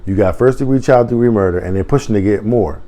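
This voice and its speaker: Low, mellow man giving blunt commentary. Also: fast. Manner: conversational, keeps asking "you know what I'm saying"; heated, blunt opinions with rhetorical questions. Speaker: commentator on a news story. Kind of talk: casual video commentary.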